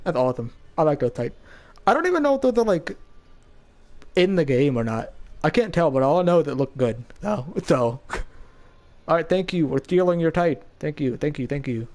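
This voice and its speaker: A man's voice: a little high, moderate pace. Young guy doing casual game commentary, hyped and chatty, voice jumps around a lot. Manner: excitable, chatty, laughs often. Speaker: gaming YouTuber.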